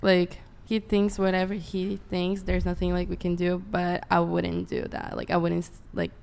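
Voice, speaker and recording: A woman's voice: on the low side, monotone, moderate pace, gravelly, a little mellow, clear, resonant tone. A woman panel guest speaking hesitantly, searching for her words. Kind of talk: casual chat.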